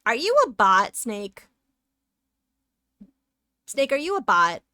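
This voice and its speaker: A woman's voice: fairly high pitch, big pitch swings, slow, pushed and bright, no room sound, clean studio sound. A woman streamer chatting playfully and sassily with her viewers while she draws, giggling often. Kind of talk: casual live-stream chat while drawing.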